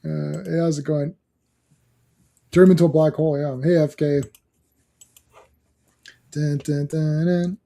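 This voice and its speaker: Laughing, rambling man with a mellow voice. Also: a little high, level tone, a little slow, gravelly, long pauses. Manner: rambling, laughs often, hums theme tunes. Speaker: podcast host. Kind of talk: casual comic book chat.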